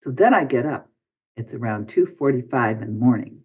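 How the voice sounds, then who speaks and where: A man's voice: medium pitch, lively intonation, fairly quick, husky. Man telling a story on a dull recording. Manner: acts out own past dialogue with voice swings. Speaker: podcast guest. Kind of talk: animated personal storytelling. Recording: dull lo-fi podcast audio.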